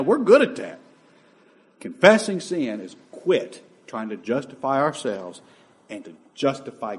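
A man preaching a sermon with passion, moving between loud emphatic lines and quiet, hushed asides. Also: medium pitch.

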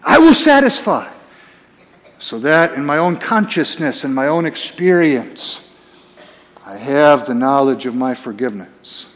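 A man preaching a sermon as pastor, emphatic, swinging between quiet and raised passages. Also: medium pitch, a little slow, big-room sound.

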